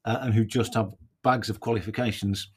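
A man's voice: on the low side, fairly even intonation, a little fast, breathy edge. A man hosting a casual solo podcast, thinking aloud in a reflective way and often adding tag questions. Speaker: podcast host.

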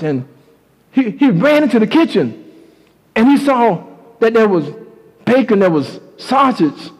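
A preacher with a high, ringing voice drives home his points, repeating key lines for emphasis. His sermon storytelling carries a long hall reverb behind every phrase. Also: animated, takes it slowly, long pauses, a little mellow.

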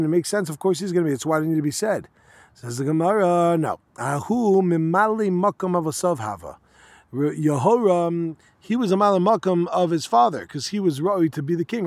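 A man teaching a Talmud class, reading Aramaic phrases in quick bursts and then explaining them in casual, conversational English with rhetorical questions. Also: a little high, a little mellow, no room sound.

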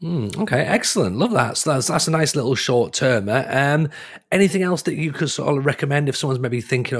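A man's voice: medium pitch, expressive, a little fast, breathy edge. A man hosting a podcast, chatting casually, encouraging his guest and often murmuring agreement. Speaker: podcast host.

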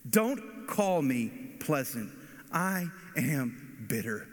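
A man's voice: mid-range voice, big pitch swings, extremely slow. A man voicing a grieving, bitter older woman in an emphatic lament, heard in a reverberant hall.

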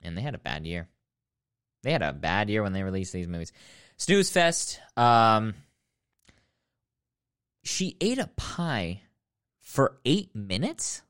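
A man's voice: fairly low pitch, sing-song, unhurried, pauses often, fairly bright tone, smooth. A man hosting a podcast, delivering a mock-serious, sarcastic comedic rant that rambles and breaks into sudden outbursts. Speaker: podcast host ranking films.

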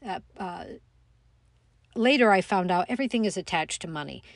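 Lowish-voiced woman, middle-aged, telling her own story slowly, lots of ums, dry close sound. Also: lively intonation, gravelly, no room sound. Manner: reflective, halting, with many fillers. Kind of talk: personal storytelling interview.

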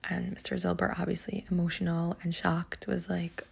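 This woman speaks at a moderate pace in a lowish, husky, gravelly voice with a darkish tone and little pitch movement. She's a podcast host teaching Psalms, narrating a story chattily and leaning heavily on "like" and "um."

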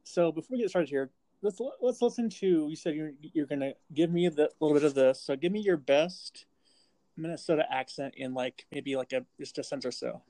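A man's voice: a little high, fairly quick, mellow, no echo. A man hosting a podcast in casual chat, repeating himself while checking the picks. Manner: chatty, repeats words while checking facts. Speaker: podcast host.

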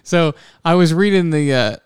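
In clean, studio-quality sound with no room echo, a male podcast co-host chats casually, teasing and laughing a lot. His voice sits on the high side and is smooth, at a moderate pace.

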